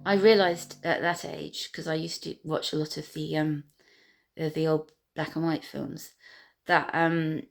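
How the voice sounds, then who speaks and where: A woman with a slightly low voice reminisces in a gentle, unhurried way. She is a piano teacher who pauses often and fills gaps with soft fillers as she goes. Clear piano music plays behind her. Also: level tone. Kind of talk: reflective personal storytelling.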